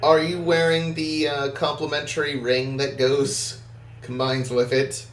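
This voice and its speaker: A man's voice: fairly high pitch, flat delivery, measured pace, a little hiss or hum. A man running a tabletop game as game master, laid-back and laughing often. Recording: roomy audio from off-mic.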